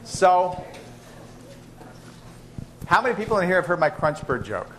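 Lively, joking male professor. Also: high-pitched, measured pace, a little hiss or hum. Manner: joking, chatty teacher. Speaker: biochemistry professor. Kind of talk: university lecture. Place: lecture hall.

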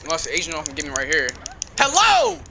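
A man giving excitable gameplay commentary, yelling and complaining in slangy talk. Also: fairly high pitch, very fast, a little hiss or hum. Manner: slangy, frequent "bro". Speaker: gamer.

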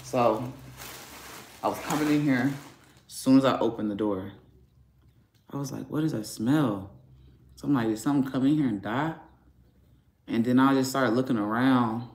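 A man's voice: medium pitch, normal speed, long pauses, darkish tone. Angry man venting in an echoey garage. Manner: angry, profane venting, rambling. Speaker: family vlogger. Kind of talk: casual vlog rant. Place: home garage.

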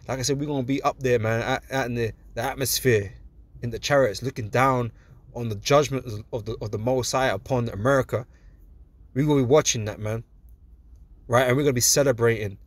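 A man giving an informal sermon, talking loosely with lots of filler words, reading scripture slowly and deliberately, and getting animated when he is excited. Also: mid-range voice, dry recording. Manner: loose and conversational, peppered with "man" and "you know". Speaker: religious teacher.

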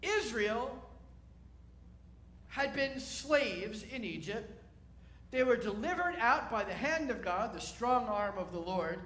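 Wry, high-voiced rabbi giving a sermon. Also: male voice, expressive, takes it slowly, long pauses, a bit bright, echoey room. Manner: conversational, wry, asks the listeners questions.

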